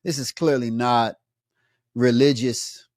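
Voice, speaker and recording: Here is a man speaking at a middle pitch, measured and critical as he comments on a clip, and he often stops to restart a thought. The sound is dry and close, with no room around it. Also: steady tone, darkish tone, no room sound. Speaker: imam reacting to a debate clip. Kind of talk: reaction commentary.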